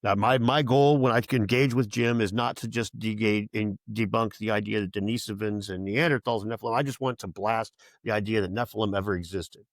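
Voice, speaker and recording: A man's voice: on the low side, steady tone, fairly quick, hardly any pauses, dry recording. A man speaking as a podcast guest in casual chat, rambling and profane, with many restarts and quoted voices for other people.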